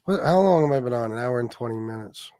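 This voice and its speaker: A man's voice: medium pitch, lively intonation, quick pace, dark tone, no room sound, clean studio sound. A man hosting a casual livestream, profane and mocking, reading donations and trading jabs with viewers. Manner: profane, mocking, laid-back between rants. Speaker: livestream host.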